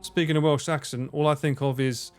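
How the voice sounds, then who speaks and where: A man's voice: a little high, fairly even intonation, brisk, smooth, faint music behind. An English man chatting casually on a live stream while gaming, swearing freely and laughing often. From England.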